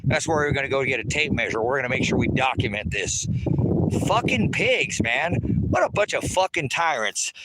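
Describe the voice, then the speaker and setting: A man's voice: mid-range voice, lively intonation, normal speed, bright, forceful tone, breathy edge, no room sound. A man who hosts an online ministry, ranting and cursing outdoors on his rural property, recorded on a handheld phone camera. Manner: heated, cursing, repetitive. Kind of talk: angry profane outdoor rant to viewers.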